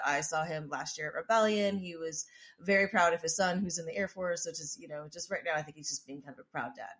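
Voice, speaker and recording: Rambling, profane woman telling a story. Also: fairly low pitch. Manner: profane, rambling, with frequent restarts and "like". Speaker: podcast co-host. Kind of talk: casual storytelling chat.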